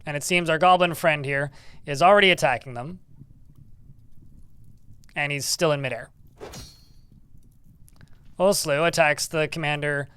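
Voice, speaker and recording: Guy streaming a game live, kinda high smooth voice, dry sarcastic jokes, reads out the game text. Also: a little slow, long pauses, bright, forceful tone. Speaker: streamer playing a video game.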